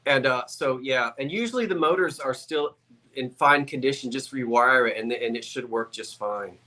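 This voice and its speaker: A man's voice: mid-range voice, moderate pace, sharp tone. A man selling items on a live sale stream, with chatty, joking sales patter. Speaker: guest seller on a live sale.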